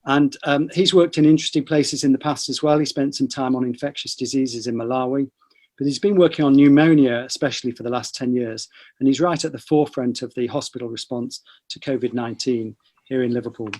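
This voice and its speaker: A middle-aged man hosts a relaxed science podcast, introducing his guests in a conversational way. His voice sits in an ordinary middle pitch, and he slips teasing asides into the formal introductions. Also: fairly quick. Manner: chatty, light teasing asides. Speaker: podcast host, professor of neurology. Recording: online broadcast discussion.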